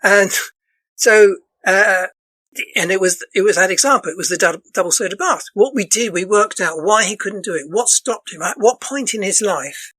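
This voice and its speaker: A man with a voice going hoarse, a dance counsellor explaining things earnestly as a podcast guest, looping back and restarting his phrases as he talks. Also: high-pitched, normal speed, pushed and bright, no room sound, low-quality recording. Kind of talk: casual podcast interview.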